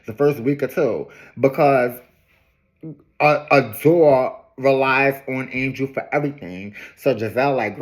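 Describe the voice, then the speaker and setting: A woman's voice: a bass voice, a little slow, rough recording. A woman giving a casual, chatty recap of a reality show, laughing easily and drifting off on tangents. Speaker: TV recap host.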